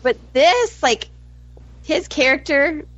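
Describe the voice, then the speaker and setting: A woman co-hosting a podcast, bubbly and giggly, gushing with animated energy. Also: high-pitched, slow. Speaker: podcast co-host. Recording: dull lo-fi audio.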